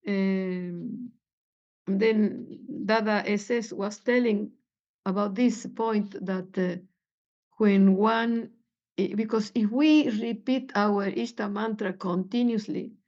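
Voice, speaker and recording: A woman giving a meditation lesson, halting and searching for words with many fillers. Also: medium pitch, darkish tone. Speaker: spiritual teacher. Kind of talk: meditation teaching talk. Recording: dull lo-fi recording.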